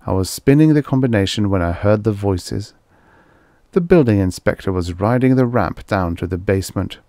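A man's voice: fairly low pitch, lively intonation, moderate pace, dark tone, no echo, clean studio sound. A man narrating a vintage story aloud in a wry first-person telling. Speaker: audiobook narrator. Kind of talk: scripted narration.

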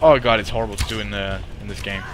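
A young man streaming a game live, swearing and reacting excitedly while chatting to his viewers. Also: lowish voice, fast, over music. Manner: excitable, swears a lot, talks to chat. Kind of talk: live gameplay commentary.

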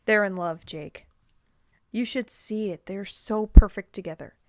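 A woman's voice: medium pitch, a little slow, dark tone, no room sound, studio quality, lightly acted. A woman reading the lines of Santa, an earnest, worried father and uncle, in a plain, sincere voice.

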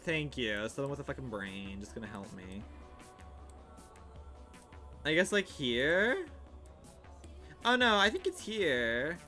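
A young man with a fairly high voice livestreams a game and comments on it casually. His commentary is sassy and theatrical, swinging into outraged shouts.

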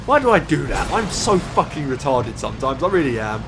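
A man's voice: medium pitch, big pitch swings, brisk. A sleep-deprived man giving rambling, swearing, self-mocking gameplay commentary. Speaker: let's play gamer. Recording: clear background music.

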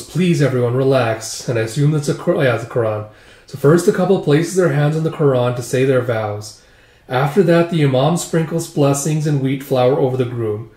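A man's voice: mid-range voice, darkish tone. Rambling man recapping a comic, echoey. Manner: rambling, loose, full of "like". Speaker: manga reviewer. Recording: roomy echo.

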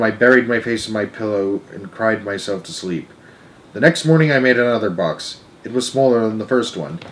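A man's voice: mid-range voice, low-quality recording. A man reading a chapter book aloud as storyteller, earnest and emotional, now and then restarting a phrase.

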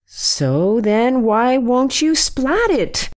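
A woman's voice: medium pitch, sing-song, measured pace, a little mellow, pitched above the performer's own voice. A woman voicing a whiny little girl in a storybook reading, pleading and insistent. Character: whiny little girl who hates spiders.

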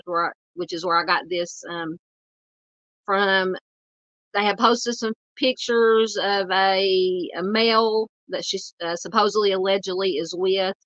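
A woman's voice: mid-range voice, a bit bright, dry recording, lo-fi sound. Southern woman hosting a casual true crime update. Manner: chatty, many fillers and restarts. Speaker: true crime channel host. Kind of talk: casual update on missing persons.

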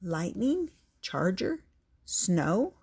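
A woman's voice: mid-range voice, sing-song, drawn-out words, darkish tone, breathy edge, exaggerated voice. An older woman voicing a spirited seven-year-old boy in a storybook reading. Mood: eager.

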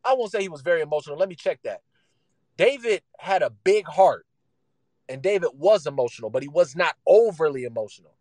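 A man's voice: on the high side, animated, brisk, darkish tone, no echo, low-quality recording. A man preaching a sermon in casual vernacular, emphatic and repetitive, acting out the voices he quotes.

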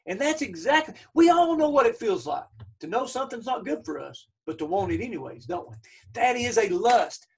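A man's voice: extremely high pitch, very animated, brisk, recorded from a distance. A man teaching a church Bible study lesson, emphatic, repeating key phrases and checking in with his listeners.

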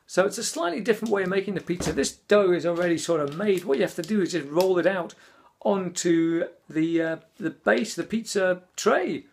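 A middle-aged man with a fairly high voice chats cheerfully to his viewers, cracking small jokes and calling them mate. It sounds like a casual home vlog caught on a camera microphone. A faint hiss of noise sits underneath. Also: moderate pace, vocal fry. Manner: chatty, cheerful, jokey, addresses viewers as mates. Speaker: vlogger.

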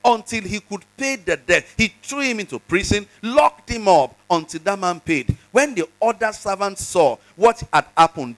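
A man's voice: high voice, a bit bright, low-quality recording. A male pastor preaching a sermon, reading scripture aloud, acting out its dialogue and repeating lines and questions to the congregation. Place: church service.

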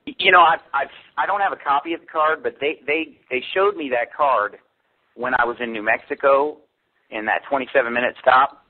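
A pastor as a radio interview guest, telling a story in an animated way and quoting the people he met. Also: medium pitch, normal speed. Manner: animated storytelling with quoted dialogue. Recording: tinny phone line.

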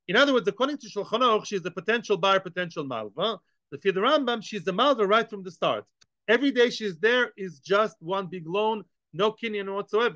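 High bright-voiced guy teaching talmud, tosses out rhetorical questions, dull dry lo-fi sound. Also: no echo. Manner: animated, rhetorical questions, acts out both sides. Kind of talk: Talmud class lecture.

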